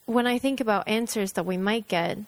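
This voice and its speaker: A woman's voice: mid-range voice, fairly quick, dry recording. A woman co-hosting a casual chat, talking animatedly with many fillers.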